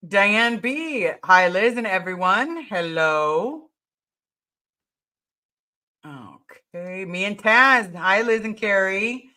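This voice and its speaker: A woman's voice: medium pitch, expressive, very slow, pushed and bright. A woman hosting a casual livestream, answering viewer questions in an earnest, emphatic way and repeating her key words.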